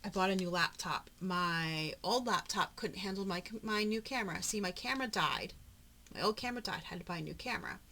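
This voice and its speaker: A woman vlogging as she flips through her craft journal, chatting in a rambling, talkative way with frequent soft murmured asides. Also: mid-range voice, a little fast, a little hiss or hum. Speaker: papercraft vlogger. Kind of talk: casual chatty narration during a journal flip-through.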